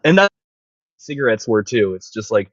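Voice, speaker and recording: A man's voice: fairly low pitch, very animated, normal speed, no echo. A man calling into a livestream from his car, chatting casually in a rambling, profane way full of likes and fillers. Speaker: guest calling in. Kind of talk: casual chat. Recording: muffled lo-fi call audio.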